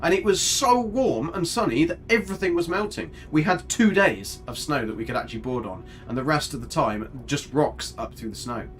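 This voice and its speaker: A man's voice: on the high side, moderate pace, hardly any pauses, a bit bright, faint music behind. A man giving casual, chatty live commentary on a game, talking to his character and his viewers with mild swearing. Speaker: gaming streamer.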